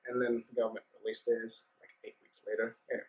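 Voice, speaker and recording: A man, a guest on a business podcast, telling his story in a relaxed, chatty way and acting out the dialogue. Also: lowish voice, quick pace, rough recording. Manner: animated anecdote-telling with acted-out dialogue. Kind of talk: casual storytelling interview.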